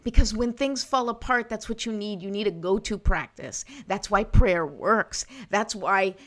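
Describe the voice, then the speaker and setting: A woman's voice: mid-range voice, unhurried. A middle-aged woman hosting a live wellness show, talking in a casual, encouraging way and often checking in with listeners. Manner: warm, encouraging, conversational with frequent "right?" and "okay?". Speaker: host of a wellness livestream. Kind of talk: casual motivational talk to live viewers.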